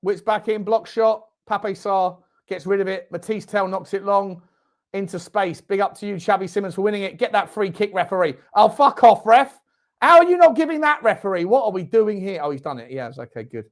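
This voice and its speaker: A young man hosting a live football watchalong, reacting loudly, swearing and shouting at the game. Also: high voice, fairly quick. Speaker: fan channel host. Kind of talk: live match watchalong commentary.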